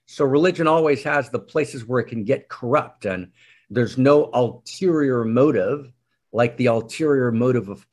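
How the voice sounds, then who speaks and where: A man giving a sermon as a spiritual teacher, telling a story in a wry, expressive and intimate way. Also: mid-range voice.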